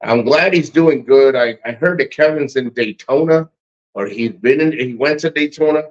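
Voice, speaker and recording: A man with a medium-pitched voice at normal speed hosts a casual livestream, reading chat and launching into blunt, profane motivational rants. The stream audio is muffled and lo-fi.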